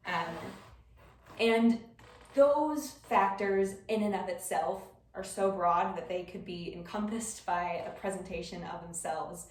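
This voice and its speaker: A woman's voice: fairly low pitch, slow, a little hiss or hum. Young woman presenting in a roomy space. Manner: explanatory, with scattered ums. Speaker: student presenter. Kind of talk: class presentation. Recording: roomy echo, voice far from the mic.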